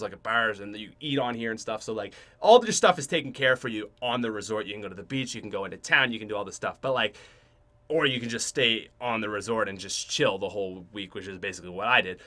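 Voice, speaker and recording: A young Canadian man with a Canadian accent hosts a podcast and tells a casual story, rambling along with lots of fillers and restarts. His voice sits on the low side, expressive and fast, with a pushed, bright quality.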